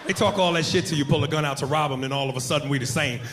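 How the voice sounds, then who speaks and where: A man's voice: on the high side, crowd noise, background noise. A man doing a crude, brash stand-up comedy set on a club stage with a handheld mic. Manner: crude, brash, rapid-fire jokes.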